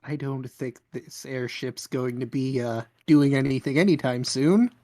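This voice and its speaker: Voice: mid-range voice, a little slow, darkish tone, no room sound. A tabletop game player, casual and matter-of-fact.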